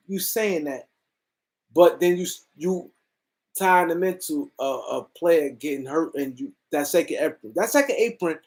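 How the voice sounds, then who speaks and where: High-voiced but darkish in tone, an East Coast man hosts a laid-back sports talk show. He rambles through an emphatic rant, circling back to repeat himself.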